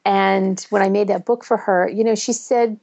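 A woman's voice: medium pitch, fairly even intonation, normal speed, darkish tone. A woman chatting casually and enthusiastically recommending apps, with frequent fillers. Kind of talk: casual chat.

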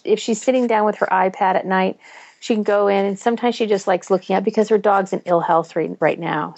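A woman's voice: medium pitch, vocal fry, darkish tone. A woman chatting casually and enthusiastically recommending apps, with frequent fillers. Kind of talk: casual chat.

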